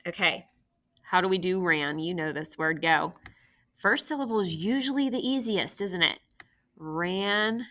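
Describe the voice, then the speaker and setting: A woman's voice: on the low side, normal speed, bright, forceful tone. A woman teacher giving a recorded phonics lesson to young children, patiently sounding out syllables and asking questions.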